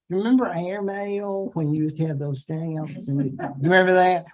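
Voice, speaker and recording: A man's voice: sits high, normal speed, few pauses, rough recording. An older man with a Southern US accent giving a history lecture to a classroom, chatty and humorous with folksy asides. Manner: chatty and humorous, acting out quotes in silly voices. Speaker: history professor. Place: classroom with students.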